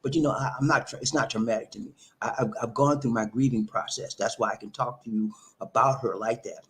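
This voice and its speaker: Animated man giving relationship advice. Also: mid-range voice, brisk. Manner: animated, repetitive, preachy, says "man" often. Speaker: relationship talk host. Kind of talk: casual monologue to camera.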